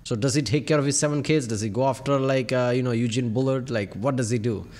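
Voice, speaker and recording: A man's voice: medium pitch, fast talker, a little mellow. A man in a casual chat who breaks in with skeptical, speculative questions, full of "like" and "right?". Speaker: podcast co-host.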